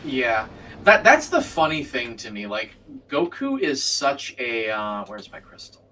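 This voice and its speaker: A man's voice: mid-range voice, huge pitch swings, a little slow, sharp tone, far from the mic, a little hiss or hum, rough recording. A young man chatting casually and bluntly while streaming a co-op game, swearing freely. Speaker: co-op gaming streamer. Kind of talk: casual chat while gaming.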